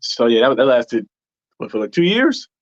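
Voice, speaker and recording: A man's voice: medium pitch, big pitch swings, normal speed, highs cut off. A man talking as a guest on a casual livestream, laughing often and acting out quotes.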